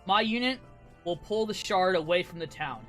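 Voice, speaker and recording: A man's voice: high voice, expressive, normal speed, sharp tone, soft background music. A man voicing a stern paladin commander. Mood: solemn. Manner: solemn, commanding speeches.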